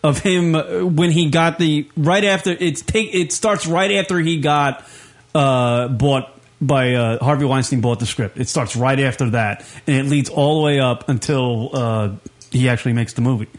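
A man's voice: medium pitch, normal speed. A man hosting a casual talk show, rambling with enthusiasm through recommendations. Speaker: host. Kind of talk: casual chat.

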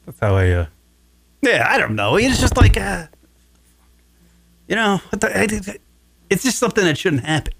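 A man's voice: sits high, moderate pace, creaky, pauses often, husky. A man hosting a radio talk show, rambling and swearing as he retells a story in casual comedic chat. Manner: profane, rambling, animated retelling.

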